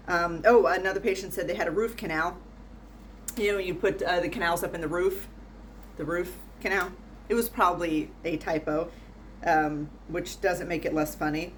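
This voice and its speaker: A woman's voice: on the low side, slight background noise. A middle-aged woman, a nurse, telling funny patient stories in a chatty, wry, laughing way at home. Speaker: nurse doing patient intake. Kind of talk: casual storytelling monologue. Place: small room at home with heater humming.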